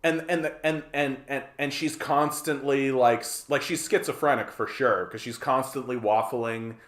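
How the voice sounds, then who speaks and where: A man's voice: mid-range voice, fairly even intonation, moderate pace, a bit bright, roomy sound. A man from Canada, giving profane, rambling, sarcastic live-stream commentary as a political streamer.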